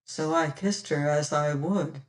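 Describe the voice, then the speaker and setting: An audiobook narrator telling a classic adventure novel in the first person, slow and measured. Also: medium pitch, fairly even intonation, distant mic.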